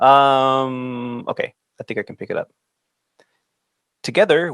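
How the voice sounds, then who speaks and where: A man in his forties, an airline pilot, hosting an aviation podcast, chatting and reading the show intro, lively and playful. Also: medium pitch, unhurried, pauses often, smooth, no room sound. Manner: animated storyteller, puts on funny voices for quotes. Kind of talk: casual chat and scripted show intro.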